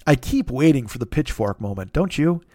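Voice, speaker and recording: A man's voice: mid-range voice, sing-song, a little fast, warm tone, no echo. A middle-aged man hosting a comedy podcast, ranting casually in a sarcastic, profane and rambling way.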